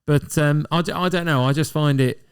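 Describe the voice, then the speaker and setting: A man's voice: fairly high pitch, fairly quick, smooth. A man in his thirties, co-hosting a casual film podcast, rambling and restarting his sentences. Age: 30s. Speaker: podcast co-host. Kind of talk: casual chat.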